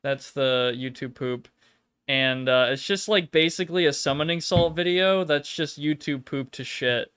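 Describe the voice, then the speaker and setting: A man's voice: on the high side, normal speed, fairly bright tone, clean tone. A man streaming from home, chatting casually in a rambling, profane way. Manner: rambling, swears a lot, mock-dramatic reading. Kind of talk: casual chat.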